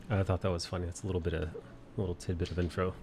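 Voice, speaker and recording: Low-voiced man chatting on a livestream. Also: flat delivery, brisk, a little mellow. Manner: rambling, swears freely, laughs often. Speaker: livestream host. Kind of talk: casual chat while drawing.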